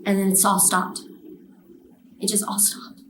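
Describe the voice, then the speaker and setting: A woman's voice: medium pitch, level tone, measured pace, fairly bright tone, echoey room, slight background noise, rough recording. A woman telling a personal experience in an interview, emotional and vivid, acting out the voices of others. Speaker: interview guest.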